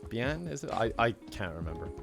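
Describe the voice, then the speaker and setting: A young man chats loosely through a game stream, laughing easily as he thanks viewers. His voice sits low with a gravelly, creaky edge, and soft music plays behind him. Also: moderate pace. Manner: chatty, laughs often, reads out donations. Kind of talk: casual live-stream chat while gaming.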